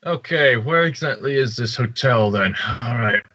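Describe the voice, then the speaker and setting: A man chatting as a player in a tabletop game, in a lively way. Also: mid-range voice, moderate pace. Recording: dry, dull lo-fi sound.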